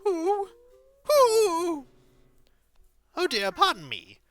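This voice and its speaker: A man doing a fussy, excitable owl curator. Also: very high-pitched, very slow, faint music behind, pitched above the performer's own voice, heavily acted. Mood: fussy, delighted. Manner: pompous, flowery and old-fashioned.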